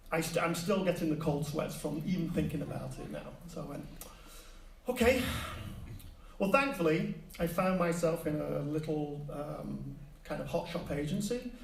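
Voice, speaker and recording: Guy telling a story on stage, kinda high voice, echoey hall, mic far off. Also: moderate pace, vocal fry. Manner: animated, acts out quoted voices. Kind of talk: live personal storytelling. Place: stage before a live audience. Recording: echoey hall, distant mic, faint hiss.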